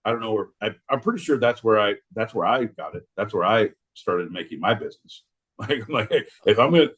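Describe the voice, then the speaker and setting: A man's voice: on the low side, a little fast, a bit bright, husky. A man co-hosting a podcast, rambling through crude jokes and laughing often in casual banter. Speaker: podcast co-host.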